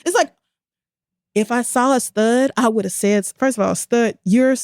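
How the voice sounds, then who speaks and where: A woman's voice: on the high side, moderate pace, darkish tone, dry recording. A woman, co-hosting a podcast in casual chat. She tells the story with indignation and slips into quoted voices along the way. The sound is dry and close to the mic. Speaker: podcast co-host.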